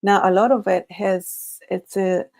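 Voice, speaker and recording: A woman whose first language is Spanish, hosting a casual livestream, talking in a halting, nervous way with many restarts. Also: medium pitch, fairly even intonation, darkish tone. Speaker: livestream host.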